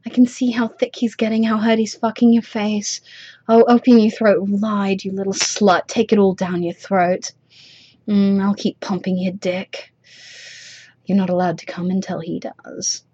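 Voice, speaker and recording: A woman's voice: medium pitch, steady tone, moderate pace, dark tone, slightly rough, dry recording. A woman in an adult audio role-play, talking in a teasing, coaxing and soothing manner, close to the mic. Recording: slightly dull lo-fi recording.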